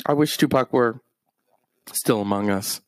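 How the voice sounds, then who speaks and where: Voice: medium pitch, unhurried, no echo. A streamer rambling through a profane, meandering story in a casual monologue.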